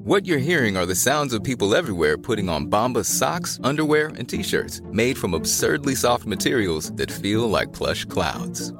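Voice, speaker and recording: A man's voice: medium pitch, sing-song, normal speed, few pauses. A man reading a scripted advertisement in an upbeat, playful way. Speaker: ad announcer. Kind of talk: scripted ad read. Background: music.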